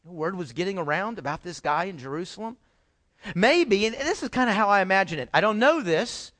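A man's voice: sits high, lively intonation, brisk, a bit bright. A man preaching a sermon as pastor, in a folksy conversational way with frequent restarts, addressing his congregation.

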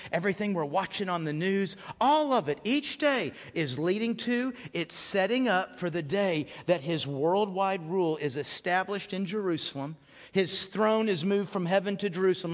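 A man delivers a sermon in a high voice, pushing up into loud, building questions and then dropping to hushed, low statements. He speaks from a large sanctuary, and a long reverb trails each line. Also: expressive, moderate pace. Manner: emphatic, swings between loud rising questions and low hushed lines. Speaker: pastor.

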